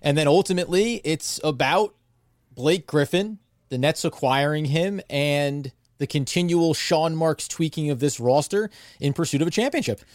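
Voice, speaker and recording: A man hosting a basketball podcast, talking in a smooth, upbeat and fluent way. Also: a little high, moderate pace, no echo, clean studio sound. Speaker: podcast host, basketball analyst. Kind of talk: casual sports podcast chat.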